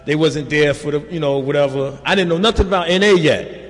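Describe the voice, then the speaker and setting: A man's voice: a little high, a little fast. An older man giving a recovery testimony in a loose, streetwise, conversational way. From New York. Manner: streetwise, loose and conversational, constant "you know". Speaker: speaker sharing at a recovery meeting. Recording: reverberant hall.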